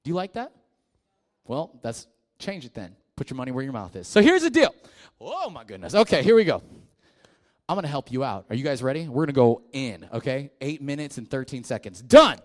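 Male youth preacher, very lively swooping delivery, jokey, call-and-response. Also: mid-range voice, fairly quick. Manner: animated, jokey, shouting key words. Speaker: youth pastor and guest speaker. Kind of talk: energetic call-and-response sermon.

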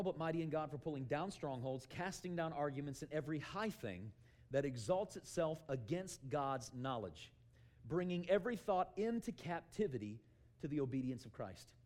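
Man, preacher, sermon, animated, bursts of shouting, slightly high voice. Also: moderate pace. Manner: animated, shouts for emphasis and acts out quotes; calls for amen often.

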